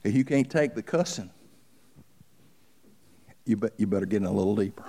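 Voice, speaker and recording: A male pastor preaching a fervent sermon, repeating himself and building up loud as he tells stories. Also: fairly low pitch, animated, brisk. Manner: fervent, builds up loud while telling a story; repeats himself and restarts for emphasis.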